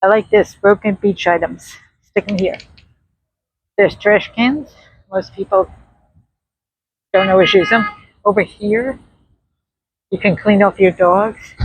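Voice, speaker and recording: Strolling along a windy beach, a New York–accented vlogger narrates casually into her handheld phone camera, chatting with viewers as if they were friends. She has a medium-pitched, steady voice and takes her time, with frequent pauses. The recording sounds muffled, with faint wind and surf behind her.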